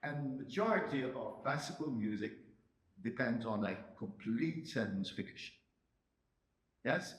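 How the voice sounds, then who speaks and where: A man's voice: medium pitch, lively intonation, a little slow, long pauses. A man with a Hungarian accent coaching a pianist in a masterclass, emphatic and checking in with "yes?". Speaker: piano teacher giving a masterclass. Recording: roomy hall with piano playing.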